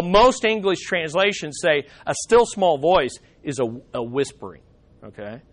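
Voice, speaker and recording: A man's voice: high-pitched, a bit bright. A man teaching a Bible study lesson in a conversational way, with dry humorous asides and frequent restarts.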